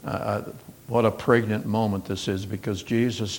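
A man's voice: lowish voice, fairly even intonation, normal speed. Earnest man preaching a sermon. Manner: earnest storytelling with frequent fillers and restarts.

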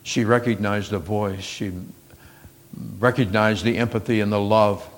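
A man's voice: fairly low pitch, steady tone, a little slow. Earnest man preaching a sermon. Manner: earnest storytelling with frequent fillers and restarts.

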